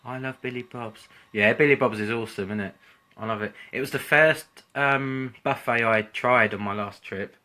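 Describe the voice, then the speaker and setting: A man's voice: mid-range voice, moderate pace, bright, forceful tone. A man rambling chattily on a live stream, with frequent ums and restarts. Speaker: vlogger hosting a live stream.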